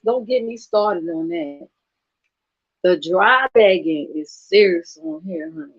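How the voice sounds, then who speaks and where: Woman, blunt sassy rant, swings her pitch a lot, dry slightly dull sound. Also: no room sound. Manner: blunt, sassy, profane, laughs often. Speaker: channel host. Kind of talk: casual vlog rant.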